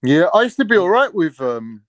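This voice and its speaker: A man's voice: high-pitched, sing-song, a little fast, no room sound. A man on a panel, laid-back, swearing casually and mostly giving short replies. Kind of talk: casual chat.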